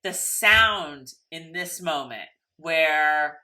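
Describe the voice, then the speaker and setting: Woman co-host, casual recap talk, lower pitch, bright edge, rambling and animated. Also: drawn-out words. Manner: chatty, animated, lots of fillers. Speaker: podcast co-host.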